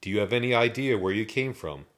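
A good-natured farmer talks in a folksy, chatty way and scolds gently, as a man reading a storybook puts him on. The voice is pitched a little above a low, lively reading voice. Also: fast talker. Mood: friendly.

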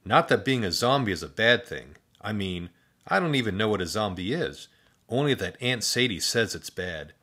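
A man voicing an excitable, chatty young boy who talks in high, eager bursts. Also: normal speed, husky, full character voice. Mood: excited. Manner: high, eager, breathless outbursts.

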